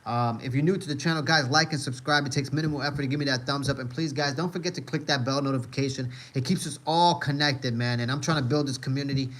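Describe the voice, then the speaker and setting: A man at an ordinary middle pitch chats on a live stream, reading messages aloud. He rambles, repeats himself, leans on filler words and swears freely in a relaxed, joking tone. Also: quick pace, hardly any pauses. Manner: rambling, heavy on "uh" and "you know what I mean"; laid-back, profane, joking. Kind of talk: casual live-stream chat.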